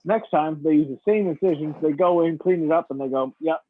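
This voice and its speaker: A man chatting casually on a podcast, relaxed and rambling, swearing freely. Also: on the high side, a little fast, dry recording, phone-quality sound. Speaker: podcast co-host. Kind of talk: casual chat.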